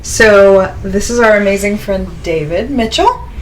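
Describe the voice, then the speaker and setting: A woman hosting a live talk show, bubbly and quick to laugh. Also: medium pitch, a little hiss or hum, low-quality recording. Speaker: host. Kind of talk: casual chat. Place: studio.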